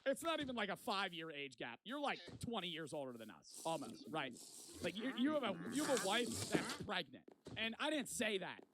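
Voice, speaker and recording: A man's voice: high-pitched, very animated, moderate pace, background noise. A man in his twenties telling a rambling, profane story in casual vlog style. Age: 20s. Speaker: vlogger.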